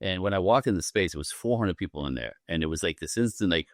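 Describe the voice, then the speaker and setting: A man's voice: low voice, lively intonation, quick pace, hardly any pauses, dry recording, studio quality. A man, a relationship coach, telling a personal story in a casual podcast interview, acting out the quoted lines with big swings in his voice and laughing often.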